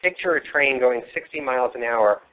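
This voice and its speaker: A man's voice: mid-range voice, a little fast. Man hosting a live paranormal broadcast, tinny line. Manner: rambling storytelling with fillers. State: losing his voice. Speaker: paranormal radio show host. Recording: tinny phone-line sound.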